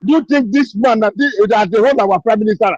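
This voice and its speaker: A man with a Nigerian English accent speaks with fire and urgency, hammering the same rhetorical questions again and again. His voice sits high and sounds husky. It comes through dull, lo-fi online call audio. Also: fast, darkish tone, no echo. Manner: repetitive rhetorical questions, fiery. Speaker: participant in an online discussion. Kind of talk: impassioned call-in speech.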